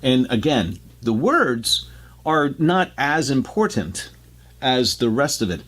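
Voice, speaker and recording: Male radio co-host, mid-pitched, casual explainer with restarts. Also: sing-song, slow pace, a bit bright. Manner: explanatory, loose and chatty with restarts.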